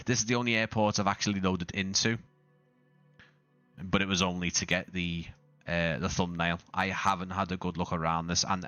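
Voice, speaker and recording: Casual flight-sim streamer, a man with a low, bright voice on a dry close mic, who talks in loose, self-correcting bursts. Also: dry recording. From not Australian. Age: adult father. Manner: rambling, self-correcting, with frequent restarts and fillers. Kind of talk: casual live-stream commentary.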